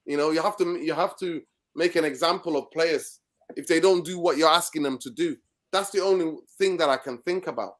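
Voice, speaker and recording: A man giving a casual football rant as a guest, animated and exasperated. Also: on the high side, brisk. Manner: ranting, animated. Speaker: guest pundit.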